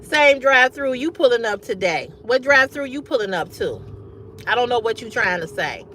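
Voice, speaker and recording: A woman hosting a casual livestream, chatting with viewers, reading their comments aloud and often bursting into loud laughter. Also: fairly high pitch, moderate pace, a little hiss or hum. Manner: animated, reads comments aloud and reacts. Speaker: livestream host.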